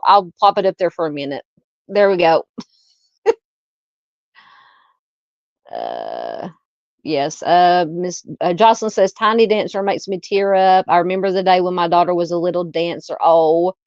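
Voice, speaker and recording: A woman's voice: lowish voice, no room sound, dull audio. Chatty Southern woman reading viewer comments. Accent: Southern American. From American South. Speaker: livestream host. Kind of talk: casual live-chat.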